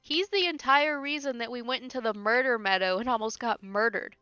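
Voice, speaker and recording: A woman's voice: fairly high pitch, fairly quick, bright, forceful tone, clean tone, dry recording. A woman streamer giving casual gameplay commentary, laughing often and making sarcastic, teasing remarks. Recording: dull lo-fi stream audio with faint game music.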